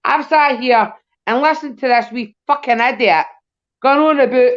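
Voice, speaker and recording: A woman's voice: sits high, normal speed, highs cut off. A Scottish woman calling into a live-stream mock court, blunt and sweary as she argues her point. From Scotland. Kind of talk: heated live-stream argument.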